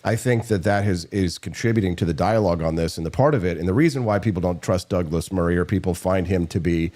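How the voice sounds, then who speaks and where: A man with a lowish voice holds forth in a casual political discussion. He argues his points with confident, animated opinions and leans into mocking asides. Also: quick pace.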